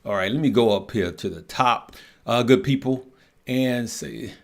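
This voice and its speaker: A man's voice: mid-range voice, measured pace, creaky. A man hosting a live stock and crypto trading stream, chatting casually, laughing often and greeting viewers by name. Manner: thinks aloud, trails off while checking charts.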